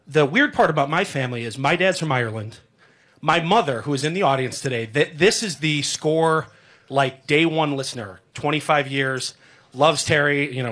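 A man's voice: mid-range voice, a bit bright. A man in his thirties, a radio sports director, giving a rambling, heartfelt farewell tribute on air with many fillers.

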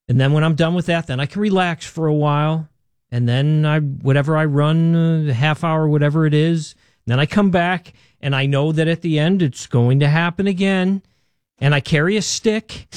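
A male caller on a talk radio line with a slightly high voice. He rambles and grows agitated, and the sound is dry and close. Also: smooth, dry recording. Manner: agitated, rambling, repeats himself. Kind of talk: call-in radio chat.

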